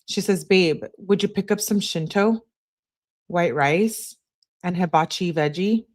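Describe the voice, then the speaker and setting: A woman's voice: fairly low pitch, a little slow, a little mellow. A woman hosting a true crime channel, reading text messages aloud in a plain way and spelling out abbreviations letter by letter.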